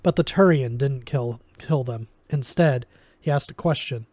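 Man reading a novel, mellow dark tone, dry close sound, steady storytelling. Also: medium pitch, unhurried, no echo. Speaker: reader.

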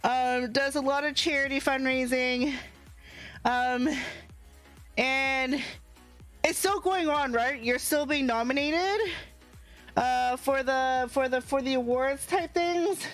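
A woman's voice: high voice, takes it slowly, fairly bright tone, faint music behind. A young woman streamer, out of breath, greeting her chat with effusive, bubbly energy. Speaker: variety streamer.

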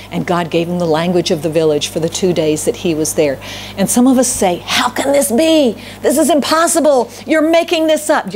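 A woman's voice: mid-range voice, slight background noise. A middle-aged woman pastor with a Southern US accent, preaching a sermon and telling stories, often repeating phrases for emphasis. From Southern United States.

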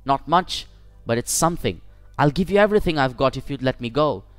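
A man voicing a terrified traveler held at knifepoint, pleading in a rushed, high-strung way in a storybook reading. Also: very animated, a bit bright, no room sound, soft background music. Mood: pleading, panicked.

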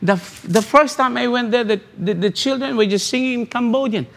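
A man with a high-pitched voice preaches a sermon, driving home his points with repeated phrases and rhetorical questions. He often stumbles and restarts before going on. His voice carries a long reverb, as in a church sanctuary. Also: fairly quick, vocal fry, a bit bright. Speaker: pastor.

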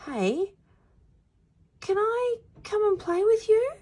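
A woman's voice: sing-song, measured pace, darkish tone, full character voice. A woman voicing a shy, eager young boy who longs to play football, in a storybook read aloud. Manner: timid, pleading, high and breathy.

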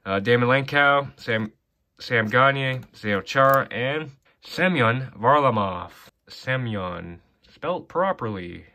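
A man with a bright, forward tone talks casually while he opens hockey card packs. He reads player names off one after another and drops offhand comments between them. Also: mid-range voice, lively intonation, slow pace. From Canada. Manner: reads names off cards in a running list with offhand asides. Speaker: card collector opening packs. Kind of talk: casual box-break commentary.

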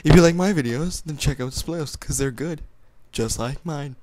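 A man's voice: on the high side, normal speed, darkish tone, no echo. A young man giving casual gameplay commentary, rambling and joking with crude language. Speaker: gaming YouTuber.

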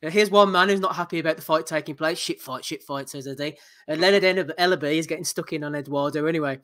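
A man's voice: fairly high pitch, fairly even intonation, fast, fairly bright tone. A man hosting a casual boxing podcast, reading listener messages aloud and laughing. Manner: jokey, laughs while reading. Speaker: podcast host.

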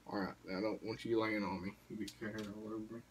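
A man's voice: fairly low pitch, steady tone, quick pace, a little hiss or hum. A young man, telling a rambling, profane story to the camera in a casual vlog. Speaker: vlogger.

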